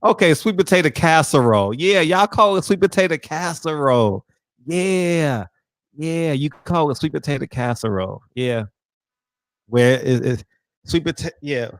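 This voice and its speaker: A man hosting a casual livestream, from the American South, trading loud, profane, laughing banter with his viewers. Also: on the high side, expressive, normal speed, no room sound, studio quality. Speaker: livestream host chatting with viewers.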